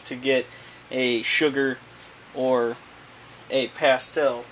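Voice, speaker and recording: Guy unboxing stuff, kinda stammery and rambly, mid pitch, faint hum behind. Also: steady tone, measured pace, pauses often, a bit bright, low-quality recording. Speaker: snake breeder vlogger. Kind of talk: casual unboxing chat.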